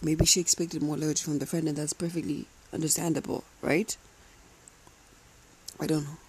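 A woman's voice: deep voice, level tone, normal speed, darkish tone, slightly rough, low-quality recording. A young woman hosting a podcast, ranting in a casual, emphatic way and swearing freely. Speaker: podcast host. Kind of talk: casual rant.

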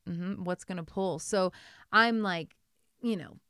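A woman hairstylist telling her story in a casual interview, animated and acting out what people said. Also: fairly low pitch, unhurried, clear, resonant tone, no room sound, studio quality. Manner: animated, acts out quotes, laughs often. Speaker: guest, hairstylist.

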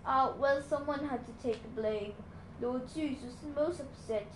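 A kindly older centaur teacher, grave and gentle, with measured, solemn speech, as a woman reading a storybook puts him on. The voice sits fairly high and sounds roomy, with a faint hiss behind it.

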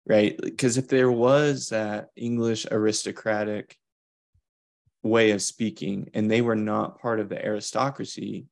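Low gravelly guy on a podcast, rambling thoughts out loud, casual. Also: flat delivery, a little slow. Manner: musing, thinks aloud in long winding asides. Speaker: podcast co-host. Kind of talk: casual chat.

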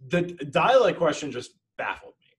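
A man's voice: fairly high pitch, big pitch swings, moderate pace, rough recording. A man co-hosting a podcast as a teacher, talking in a rambling casual way with many "like" fillers. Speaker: podcast co-host. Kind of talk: casual chat.

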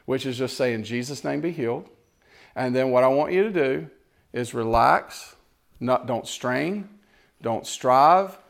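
A man preaching a sermon, swinging between loud exhortation and quiet storytelling. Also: on the high side. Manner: animated, rising to loud exhortation and dropping to quiet, tender storytelling.

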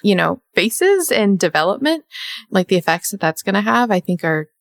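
A woman's voice: medium pitch, very animated, moderate pace, vocal fry, no room sound, clean studio sound. A woman hosting a podcast, chatting in an upbeat, casual way and reading an ad. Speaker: podcast host. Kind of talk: casual podcast chat and read ad.

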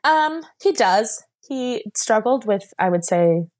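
A woman's voice: a little high, expressive, slow pace, a little mellow. A young woman telling a personal story as a podcast guest. She rambles emotionally, with many fillers, and sounds close to tears at times.

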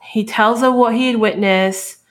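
A woman's voice: a little high, measured pace. Chatty woman telling a true crime story. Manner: animated, laughs often, swears casually. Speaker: true crime podcast host. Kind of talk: casual storytelling chat.

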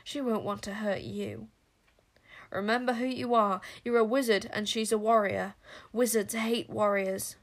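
A woman's voice: medium pitch, fairly even intonation, a little slow, lightly acted. A woman voicing a cruel male witch monster who croons and whispers his threats in a storybook. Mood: menacing.

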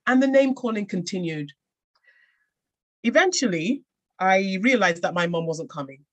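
An English woman recounting her own life as a podcast guest. She speaks in an earnest, reflective tone at a middling pitch for a woman, often stopping to restart a sentence before carrying on. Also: animated, normal speed, muffled recording. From England. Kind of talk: personal storytelling in a podcast interview.

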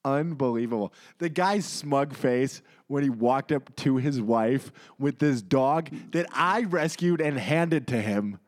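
A man's voice: mid-range voice, slow pace, hardly any pauses. A man, co-hosting a casual podcast and ranting indignantly with lots of swearing. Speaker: podcast co-host. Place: home podcast studio.

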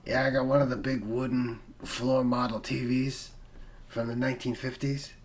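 A man co-hosting a comedy podcast, rambling through deadpan, absurd improvised jokes. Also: mid-range voice, moderate pace, husky. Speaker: podcast co-host.

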